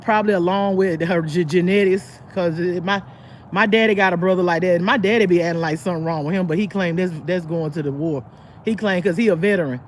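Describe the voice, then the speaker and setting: A woman hosting her own livestream, telling a long story to her viewers in a blunt, profane, rambling way, full of restarts, and bursting into animated impressions of the people in it. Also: fairly low pitch, fast, slight background noise. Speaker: livestream host. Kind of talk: casual live storytelling to viewers.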